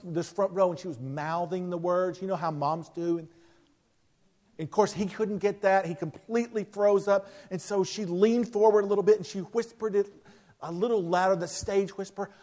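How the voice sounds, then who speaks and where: A man from the United States preaching a sermon, telling stories with emphatic rises and soft, quiet drops. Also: high-pitched, steady tone, normal speed. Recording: long reverb of a large hall.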